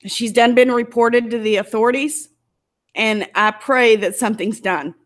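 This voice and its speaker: A woman's voice: a little high, moderate pace. A woman YouTuber giving an angry, emotional commentary, tearful and indignant as she talks. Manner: emotional, indignant, close to tears.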